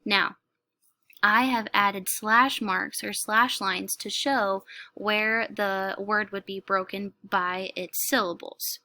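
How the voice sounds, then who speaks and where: A woman teacher giving a clear, step-by-step lesson to young students, sounding out words slowly. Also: mid-range voice, fairly even intonation, bright, forceful tone, no echo. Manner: slow, clear, instructive, stretches words to clap syllables. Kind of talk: classroom lesson explanation. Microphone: recorded lesson video.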